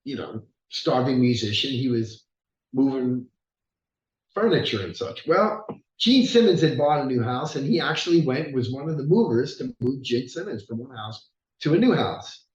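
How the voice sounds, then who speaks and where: A man, a rock singer and guest, telling stories in a casual, animated way, swearing freely and laughing often. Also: medium pitch, moderate pace, muffled recording. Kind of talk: casual storytelling interview. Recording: roomy echo.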